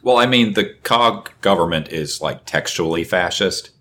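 A man's voice: deep voice, lively intonation, normal speed, sharp tone, slight background noise. A man co-hosting a podcast in casual chat, asking probing questions with a wry, sardonic edge. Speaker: podcast co-host.

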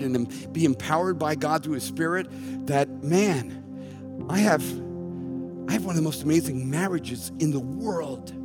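Emphatic pastor preaching over soft music. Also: male voice, a little high. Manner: emphatic, conversational with wry self-deprecating asides. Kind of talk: sermon. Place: church sanctuary. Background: soft music underneath.

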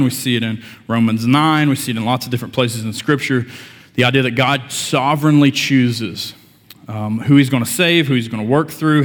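A man's voice: mid-range voice, a bit bright. Man preaching in a reverberant church. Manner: conversational preaching with joking asides to the congregation. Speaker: pastor. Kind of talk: sermon. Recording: long church-hall reverb.

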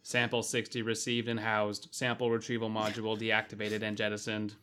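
A detached spaceship computer speaks in a flat, formal robotic cadence, calm and clipped, as a man puts it on. He reads like a storybook machine that weighs lives as numbers. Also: lowish voice, fairly quick, clean tone. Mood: cold, formal. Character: cold calculating male spaceship AI. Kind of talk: reading a story aloud.

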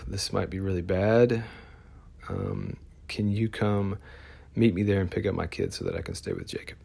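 A man's voice: deep voice, wildly swooping pitch, normal speed, vocal fry, a little mellow, breathy edge, full character voice. A man quoting his worried wife as she reassures their children, in a somewhat raised voice. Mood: anxious. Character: worried woman calming her kids.

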